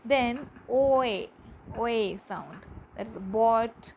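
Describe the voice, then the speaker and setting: A woman teaches pronunciation, speaking slowly and repeating each example word with care. Her voice sits fairly high. A faint hiss runs under the recording. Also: a little mellow, low-quality recording. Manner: slow, careful, repeats example words. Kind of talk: classroom lesson on pronunciation.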